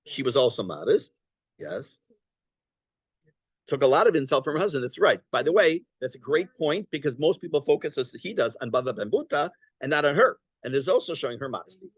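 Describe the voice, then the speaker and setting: A man's voice: medium pitch, very animated, dry recording. A man teaching a Torah class, translating Aramaic phrase by phrase and explaining it in a conversational way with small restarts. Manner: halting restarts and fillers while explaining.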